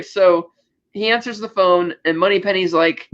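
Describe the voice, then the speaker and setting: A man's voice: sits high, fairly even intonation, fairly bright tone, lo-fi sound. A man co-hosting a podcast, casually retelling film scenes and acting out the lines as he goes. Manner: retells scenes acting out quotes in quick asides. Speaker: podcast co-host.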